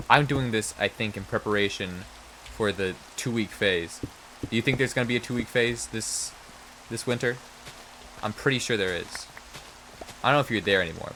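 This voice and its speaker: A man's voice: fairly low pitch, brisk, bright, forceful tone, a little hiss or hum, rough recording. A man streaming a game, muttering to himself and trading mock-outraged jokes with his chat. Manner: mutters to himself while playing. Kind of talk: casual live game stream talk.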